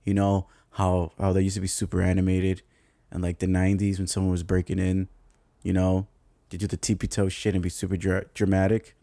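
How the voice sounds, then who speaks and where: A young man with a New York accent, telling a camping story as a podcast host in a loose, profane, animated way, laughing often. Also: sits low, brisk, vocal fry, no echo. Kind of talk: casual storytelling monologue.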